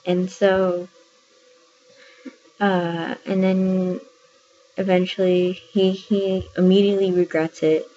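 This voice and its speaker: A woman's voice: on the low side, flat delivery, slow, pauses often, dark tone. A woman casually reviewing a book, retelling scenes in a chatty way with plenty of fillers. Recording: dull lo-fi audio with faint noise.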